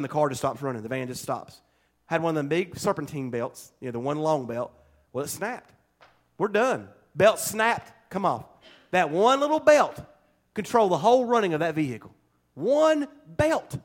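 A male pastor giving a folksy, conversational sermon at a church service, full of homespun jokes and chatty asides. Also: sits high.

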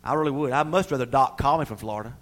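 A middle-aged man preaching a sermon, swinging between loud pleading and soft near-whispers. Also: mid-range voice, racing.

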